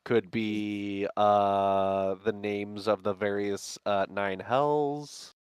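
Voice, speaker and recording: A man's voice: lowish voice, steady tone, very slow, clear, resonant tone, no room sound, studio quality. A man player on a voice call, musing in a thoughtful, hesitant way. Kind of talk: casual tabletop chat.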